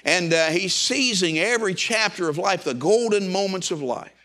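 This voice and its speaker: A middle-aged pastor preaches a sermon with fervor, his voice high and ringing bright, animated and at a moderate pace. He stumbles over and repeats words as he presses his points, rising to raised passages before dropping back.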